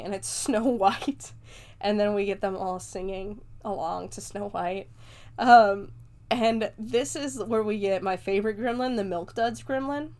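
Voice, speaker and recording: A movie reviewer with a mid-range, darkish voice recaps a film in casual conversation. She's loose and talkative, laughs often, and leans heavily on "like" as a filler.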